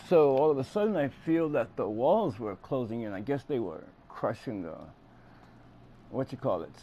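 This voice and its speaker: A gaming streamer with a mid-range voice, lively intonation, and normal speed tells a rambling, profane tall tale over gameplay, full of fillers and loudly acted-out scenes. The audio is dull, with game music underneath.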